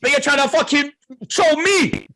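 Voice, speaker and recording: A man's voice: extremely high pitch, normal speed, very noisy. A young man, hosting a football podcast and trash-talking rival fans in heated, laughing banter.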